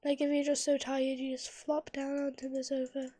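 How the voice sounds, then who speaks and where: A woman's voice: high voice, monotone, normal speed, dark tone, no room sound, soft background music. A woman streamer giving casual gameplay commentary, thinking aloud in a mutter that sometimes drops to a whisper.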